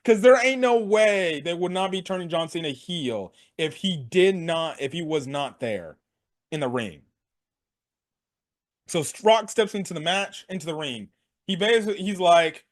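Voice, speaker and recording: A young man casually recapping a wrestling event for his sports channel, slangy and excitable, laughing and acting out what people said. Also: fairly high pitch, normal speed. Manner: excitable, slangy, laughs a lot, acts out quotes. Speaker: sports commentary vlogger.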